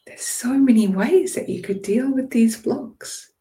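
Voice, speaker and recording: A woman leading a guided visualization in a drifting, playful way, moving between calm imagery and casual swearing. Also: fairly high pitch, measured pace. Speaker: meditation guide.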